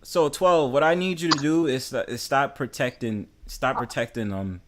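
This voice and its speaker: A man's voice: medium pitch, normal speed, slight background noise. A man with a New York accent hosting a casual livestream panel, teasing and bantering as he talks. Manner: bantering, repeats "you know what I'm saying".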